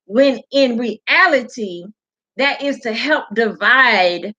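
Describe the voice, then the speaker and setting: Woman livestream host, blunt and profane, bright voice, dull lo-fi audio. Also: fairly high pitch, takes it slowly. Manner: blunt, profane, animated ranting. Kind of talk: casual livestream commentary.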